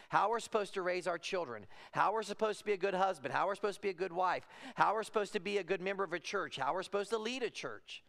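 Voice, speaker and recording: A man in his forties preaching a sermon in a church, telling personal stories in a conversational way that moves from soft to emphatic. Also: fairly high pitch. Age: 40s. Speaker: pastor. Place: church sanctuary.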